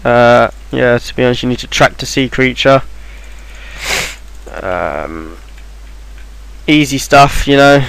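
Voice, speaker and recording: A man's voice: mid-range voice, slow pace, long pauses, a bit bright, clean tone, rough recording. A man talking through a game walkthrough in an offhand, rambling way, with plenty of ums and restarts. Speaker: game guide maker. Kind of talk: casual game walkthrough voice-over.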